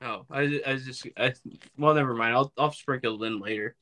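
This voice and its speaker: A man's voice: medium pitch, a little fast, pushed and bright. A man co-hosting a casual podcast, joking and playful and laughing between lines. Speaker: podcast co-host.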